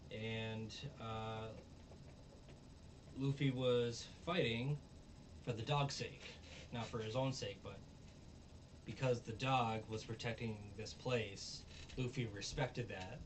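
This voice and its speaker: A man's voice: mid-range voice, slight background noise. A man casually recapping a show episode in a rambling way, full of ums and restarts, sometimes acting out what characters say. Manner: rambling, filler-heavy, acts out quotes. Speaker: show reviewer. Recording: voice distant from the mic.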